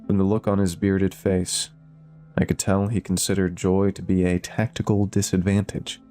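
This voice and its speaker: A man narrating a scripted horror story in a steady, measured way. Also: low voice. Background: faint music.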